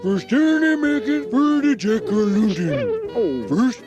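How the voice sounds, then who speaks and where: A goofy babbling puppet chef. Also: male voice, sing-song, takes it slowly, music in the background, exaggerated voice. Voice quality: singsong, high and bouncy.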